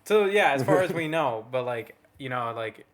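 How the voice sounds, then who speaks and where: A man's voice: medium pitch, lively intonation, moderate pace. A young man co-hosting a casual podcast, rambling with lots of fillers and restarts and swearing freely. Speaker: podcast co-host. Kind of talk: casual chat.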